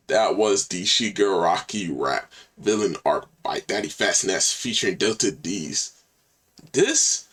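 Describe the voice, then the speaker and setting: A man hosting a reaction video, chatting excitedly in casual slang about a song he just heard. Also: lowish voice, slightly rough, recorded from a distance. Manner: excited, slangy, quotes lyrics back.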